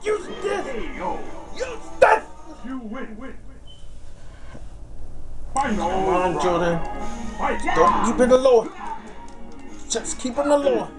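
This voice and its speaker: A man playing a fighting game who coaches himself out loud, yelling, swearing and urging himself on in a frantic way. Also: very high-pitched, sing-song, slow pace, pauses often, loud music behind the voice. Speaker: gamer.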